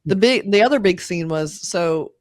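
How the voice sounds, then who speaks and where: A woman's voice: on the low side, normal speed, no room sound, studio quality. A woman co-hosting a casual anime review chat, retelling scenes and acting out the characters' lines. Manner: animated, acts out scenes in character voices. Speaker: movie review co-host.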